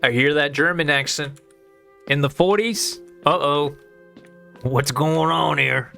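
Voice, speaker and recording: A man's voice: fairly high pitch, slow pace, creaky, bright, forceful tone, faint music behind. A young man streaming a game, reacting casually and joking as he plays. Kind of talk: live gameplay commentary.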